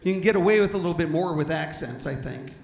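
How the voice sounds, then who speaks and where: High-voiced stand-up comedian in echoey hall. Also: male voice, fast, slight background noise. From San Diego, California. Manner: conversational, self-deprecating storytelling with character voices. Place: large hall with audience.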